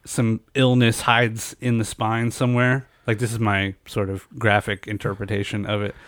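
A man's voice: on the low side, little pitch movement, moderate pace, a bit bright, no room sound, clean studio sound. A young adult man with a nasal, stuffed-up voice, hosting a podcast in casual chat, rambling and swearing with many fillers. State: stuffed-up nose from a head cold. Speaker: podcast host.

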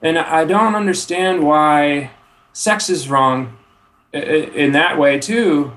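A man talking in a relaxed, rambling way as a podcast guest. He swears freely and keeps dropping in "you know". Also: a little high, takes it slowly, slight background noise. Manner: laid-back, swears freely, rambling asides; trails off with frequent "you know". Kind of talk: casual chat.

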